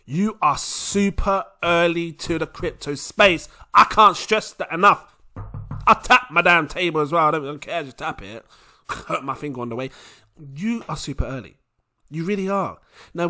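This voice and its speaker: A young man hosting a casual crypto vlog, animated and laughing often. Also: a little high. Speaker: crypto video host.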